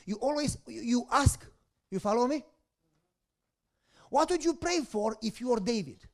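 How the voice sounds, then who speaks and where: Male pastor, dramatic storytelling sermon, very expressive pitch, hushed-to-loud delivery. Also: normal speed. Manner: dramatic storytelling with rhetorical questions to the congregation; swings between soft hushed lines and loud bursts.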